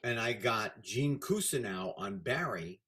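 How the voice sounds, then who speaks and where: A man's voice: fairly low pitch, measured pace. Older man telling stories. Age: 70s. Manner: animated anecdotal storyteller. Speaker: guest. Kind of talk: casual storytelling interview.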